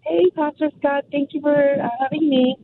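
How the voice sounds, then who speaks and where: A woman calling in to a radio show, talking in an animated, rambling way. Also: high voice, normal speed. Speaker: caller. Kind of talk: phone call to radio show. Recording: tinny noisy phone line.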